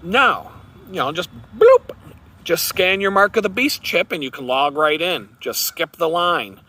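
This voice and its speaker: Male vlogger, sarcastic rambling rant, bright forceful tone, slightly high pitch. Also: animated, moderate pace. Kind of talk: casual rant to camera.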